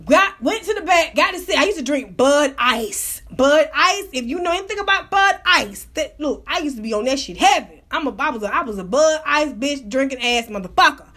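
A woman hosting her own radio show, telling wild stories in a loud, profane, animated way. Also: high voice, fairly quick, hardly any pauses. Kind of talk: casual storytelling monologue.

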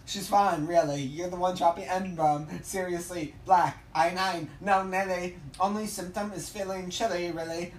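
A vlogger in a rambling, profane rant who acts out quoted exchanges and swings between loud outbursts and low mutters. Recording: distant from the mic, faint background noise.

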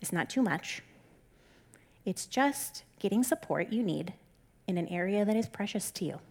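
A woman delivering a casual Bible teaching in a candid, conversational manner. Her voice sits at an ordinary middle pitch, and she reassures and encourages her listeners, often slipping in "like" as she talks. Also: expressive, moderate pace, a little mellow. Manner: conversational and candid, with frequent "like" fillers.

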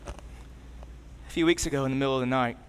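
A man in his thirties preaching a sermon as a pastor, telling a family story and moving between lively emphasis and soft, low tones. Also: fast talker, big-room sound, slight background noise.

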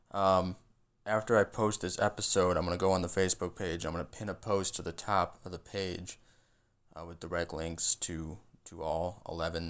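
A man hosting his own podcast in casual solo chat, rambling and swearing freely as he gets excited. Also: deep voice. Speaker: podcast host.

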